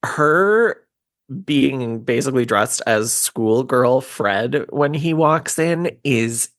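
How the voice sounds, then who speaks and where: A woman co-hosting a podcast in casual chat, playful and quick to laugh. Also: rumbling low, lively intonation, no room sound, clean studio sound. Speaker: podcast co-host.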